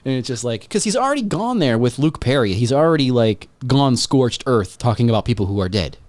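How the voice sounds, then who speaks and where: Rambling, excitable male podcast host. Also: medium pitch, a little fast, no echo. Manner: rambling, excitable, swears freely. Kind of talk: casual chat.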